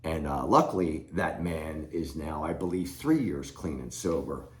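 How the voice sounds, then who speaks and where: A man's voice: rumbling low, animated, unhurried. A middle-aged man giving blunt, plain-spoken advice straight to camera as a recovery coach. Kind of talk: direct-to-camera advice talk. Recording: echoey room.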